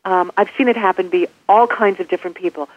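A woman with a fairly low voice talks fast during a call-in phone interview, where she appears as an author and guest expert. The tinny line carries her practical advice, delivered in numbered steps.

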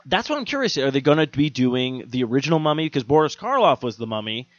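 A man co-hosting a podcast, chatting casually about movies, swearing freely and animated, dropping into quick mock voices. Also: medium pitch, no room sound, muffled recording. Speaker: podcast co-host. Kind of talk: casual chat.

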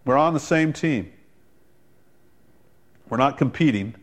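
A male pastor preaching a sermon, quoting people in quick voiced asides and building to loud, emphatic climaxes. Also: lively intonation. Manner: preaching with dramatic rises in pitch and volume; quotes others in voiced asides.

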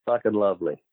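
An older man, a former wrestler guest on a podcast, talking in a blunt, profane, gruff way. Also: fairly low pitch. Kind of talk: casual interview. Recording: tinny dry phone line.

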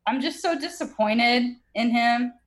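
A woman's voice: a little high, unhurried, a crowd in the background. A young woman co-hosting a comedic podcast, giggly and offbeat, telling rambling stories. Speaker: podcast co-host. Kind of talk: casual comedic chat.

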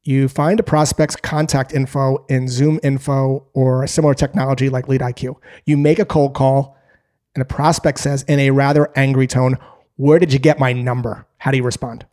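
A man teaching sales in a calm, direct way, acting out short sample calls. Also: medium pitch, normal speed. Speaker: sales trainer. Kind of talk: instructional talk to camera.

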